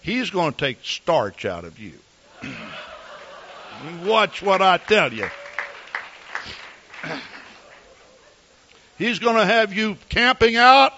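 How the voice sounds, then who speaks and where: Folksy storytelling preacher, lively pitch. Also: male voice, very slow, pauses often, lo-fi sound, some chatter behind, slight background noise. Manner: folksy, storytelling, earnest asides. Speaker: pastor. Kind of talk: sermon with personal stories.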